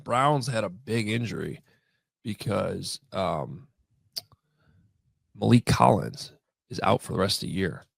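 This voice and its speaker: A man's voice: sits low, gravelly, no echo. A man co-hosting a sports podcast, chatty and loose, with lots of fillers. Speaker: podcast co-host. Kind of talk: casual podcast chat.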